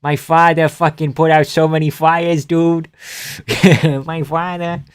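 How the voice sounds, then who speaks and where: A man's voice: on the high side, little pitch movement, slow pace, smooth, no room sound, clean studio sound. A young man from the Boston area chatting casually on a live stream, reading comments aloud, joking, swearing and laughing often. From Boston area, USA.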